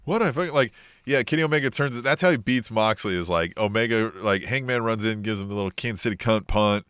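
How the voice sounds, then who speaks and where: A man co-hosting a wrestling podcast in casual, profane chat, who breaks into loud, high-pitched voices when he acts out what wrestlers would say. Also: quick pace, clear, resonant tone, no room sound, clean studio sound. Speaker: podcast co-host.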